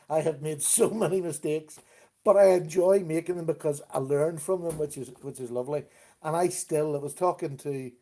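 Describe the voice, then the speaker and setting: A middle-aged man hosts a casual live stream, chatting easily and greeting viewers by name. His voice is fairly high-pitched with a warm tone.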